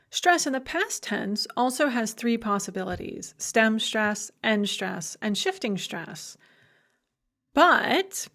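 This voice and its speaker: Lively, emphatic woman lecturer. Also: on the high side. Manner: lively, emphatic teaching with playful asides. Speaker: language instructor. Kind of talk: recorded lecture.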